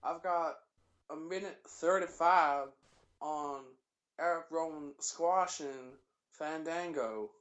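A man's voice: a little high, slow pace, a bit bright, dull audio, voice pushed up. A man putting on a boastful male wrestling commentator with a southern drawl. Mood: gleeful. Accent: put-on American southern.

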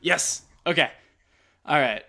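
A man's voice: fairly high pitch, slow pace, gravelly, over loud music. A man hosting a podcast in casual, joking chat with his co-host. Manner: joking, wry, chatty.

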